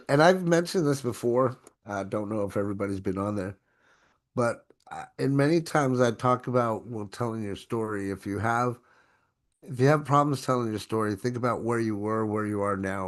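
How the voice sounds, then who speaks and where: A man hosting an online training session, coaching in an energetic, exclamatory way. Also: on the low side. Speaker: host.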